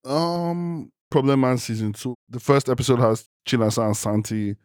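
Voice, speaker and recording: A man's voice: medium pitch, moderate pace, a little mellow, no echo, studio quality. A man as a podcast guest, joking and chatting loosely, swearing casually.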